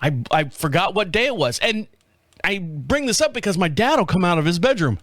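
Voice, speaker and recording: A middle-aged man hosting his own show, telling a story in a casual, profane, animated way and laughing at himself. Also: sits high, a little fast, no room sound, clean studio sound. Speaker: podcast host. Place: home studio.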